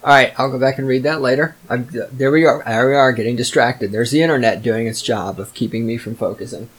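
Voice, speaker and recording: A man rants alone into the mic, swearing at nearly every turn. His delivery is exasperated and heavy with sarcasm. His voice sits at an ordinary middle pitch. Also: brisk, husky. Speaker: podcast host. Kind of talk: profane solo rant.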